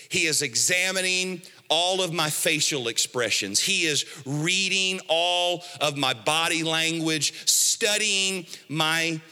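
A man's voice: fairly high pitch, bright, forceful tone. A man preaching a sermon as pastor, emphatic and storytelling, repeating his key phrases. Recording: echoey hall.

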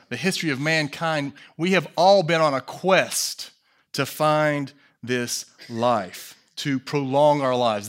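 A man preaching a sermon in a voice of middling pitch. He drops to hushed, low phrases and then builds to loud, emphatic peaks. He speaks straight to the congregation with questions and light jokes. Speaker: pastor.

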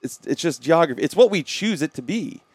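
A man's voice: a little high, lively intonation, brisk, darkish tone, husky, no room sound. A man co-hosting a podcast, speaking in casual, earnest chat and acting out the people in his stories. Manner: earnest storyteller acting out quoted dialogue. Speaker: podcast co-host.

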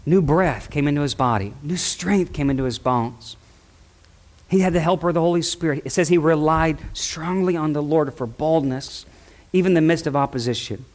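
A man's voice: on the high side, moderate pace. A man preaching a sermon at a church service, passionate and full of rhetorical questions. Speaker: pastor.

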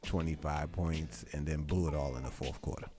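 A man's voice: a bass voice, fairly even intonation, moderate pace, dark tone, faint music behind. A man co-hosting a radio show, trading teasing banter about sports. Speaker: radio co-host. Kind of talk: casual sports chat.

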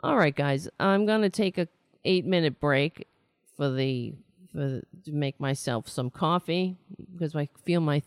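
A middle-aged woman hosting a political talk stream, rambling candidly with restarts and wry asides, her voice slightly raspy. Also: sits low, measured pace, no room sound, clean studio sound. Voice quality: raspy, nasal-edged voice she calls a rake on a chalkboard. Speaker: political talk show host. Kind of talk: casual live-stream monologue.

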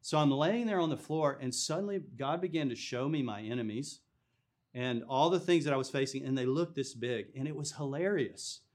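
A man of average pitch tells his story in a relaxed, conversational way. He speaks earnestly and sometimes laughs at what he recalls. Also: fairly quick. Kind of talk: casual testimony chat.

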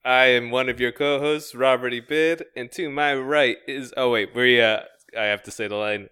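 A man's voice: medium pitch, moderate pace, hardly any pauses, bright, forceful tone, smooth. A man co-hosting a podcast, chatting casually and joking, laughing often. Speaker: podcast co-host. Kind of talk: casual comedic chat.

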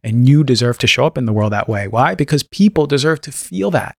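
A man's voice: mid-range voice, lively intonation, a little fast, gravelly, darkish tone, no echo, clean studio sound. A man speaking as a podcast guest in impassioned casual talk, stressing words and acting out quoted voices. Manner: emphatic, acts out quoted voices. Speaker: podcast guest, health practitioner.

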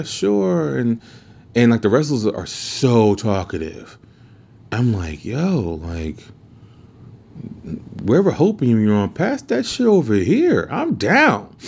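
A lower-voiced man chats through a story as a podcast host, swearing freely and circling back on himself mid-sentence. The recording sounds dull and lo-fi. He talks loosely and never sounds scripted. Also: a little mellow. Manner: profane, rambling, lots of restarts. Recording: muffled lo-fi recording.

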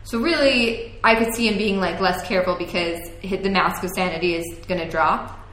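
A woman's voice: on the low side, a little fast, fairly bright tone, a little hiss or hum. A young adult woman co-hosting a podcast in casual chat, talking loosely with lots of "like" and frequent laughs. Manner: chatty, laughs often, fillers of "like". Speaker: podcast co-host. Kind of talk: casual chat about a TV show. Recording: echoey room.

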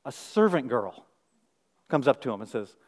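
A middle-aged male pastor preaching a sermon, firing rhetorical questions and swinging from hushed, intimate moments to loud emphasis. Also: medium pitch, sing-song, moderate pace, long reverb tail.

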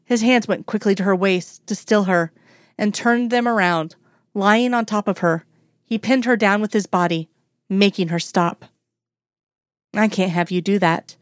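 A woman reading a romance story aloud in a steady, even storytelling voice. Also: mid-range voice, normal speed, no echo, clean studio sound. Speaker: narrator.

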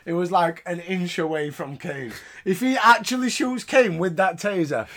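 A podcast host chatting in a casual, animated way, swearing freely and laughing often. His voice sits high for a man and sounds bright and forceful. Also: moderate pace. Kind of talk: casual chat, wrestling recap.

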